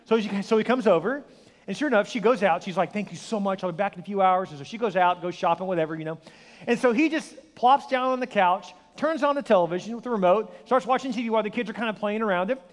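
A man in his forties, a pastor preaching a sermon with energetic storytelling and self-deprecating humor. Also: high-pitched, quick pace. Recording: long hall reverb.

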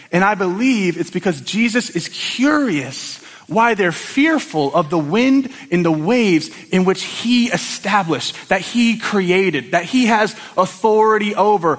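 A man preaching a sermon to his church, animated and storytelling, acting out scenes in quick little voices. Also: high voice, big-room sound.

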